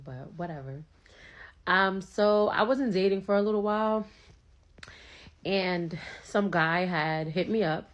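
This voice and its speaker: A young woman with a slightly low voice tells a first-date story in a casual story-time way. She rambles a little, fills with "like" and "um", and acts out both sides of the conversation. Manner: chatty, filler-heavy retelling with quoted dialogue.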